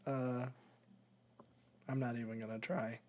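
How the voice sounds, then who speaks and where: A man's voice: mid-range voice, little pitch movement, a little slow. A man co-hosting a podcast, rambling and joking in casual chat. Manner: rambling, joking, laughs often. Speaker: podcast co-host.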